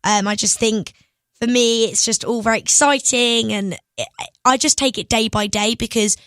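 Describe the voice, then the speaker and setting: A young woman, a singer, telling stories in an excitable, giggly way as a radio guest. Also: a little high, moderate pace, no echo. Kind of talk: casual interview chat. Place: radio studio.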